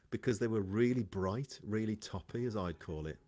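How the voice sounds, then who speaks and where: A man's voice: on the low side, normal speed, a little mellow. A man guest musician telling a story in casual chat on a video call.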